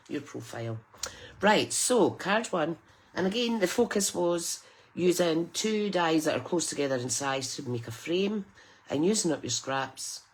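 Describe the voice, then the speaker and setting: A middle-aged woman from the UK hosts a chatty live card-making tutorial, laughing with viewers as she works. She speaks in a low, husky voice.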